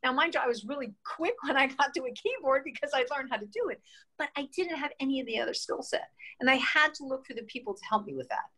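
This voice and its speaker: A woman in her sixties from New York State, an interview guest telling lively stories and acting out the voices she quotes. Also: high-pitched, fast talker. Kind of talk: casual interview storytelling.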